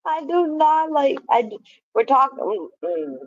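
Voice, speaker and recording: A woman's voice: high voice, sing-song, a little slow, dry recording, lo-fi sound. A woman hosting a casual livestream, greeting and chatting with viewers, laughing often and swearing freely. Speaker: livestream host. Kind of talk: casual livestream chat reading viewer comments.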